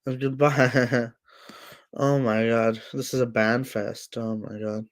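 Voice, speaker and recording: A man's voice: medium pitch, level tone, takes it slowly. A man hosting a casual livestream, talking to his chat with lots of fillers and scolding trolls. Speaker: livestream host.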